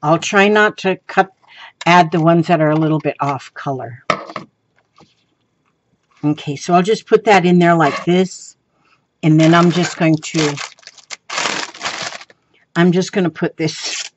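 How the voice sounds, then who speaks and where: Her voice fairly low, a crafting vlogger walks through her handiwork in a slow, relaxed chat full of pauses, ums, restarts, and giggles. It's a low-quality recording with slight background noise.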